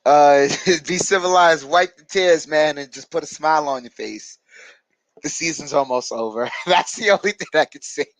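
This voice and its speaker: A slightly high, fairly bright male voice belongs to a host of a live basketball watch-along stream who casually reads viewers' chat comments and answers them, chatty and hesitant with frequent fillers. It's a dry, low-quality recording.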